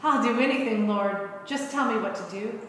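A woman voicing a terrified man dangling from a cliff, yelling and pleading in a high, strained voice. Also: moderate pace, a little hiss or hum, natural voice. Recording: echoey hall.

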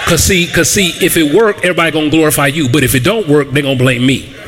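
Storytelling preacher, male, animated and voice-switching, slightly high pitch, faint noise. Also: quick pace. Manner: animated, acts out quoted voices, laughs often. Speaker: pastor. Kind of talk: sermon storytelling.

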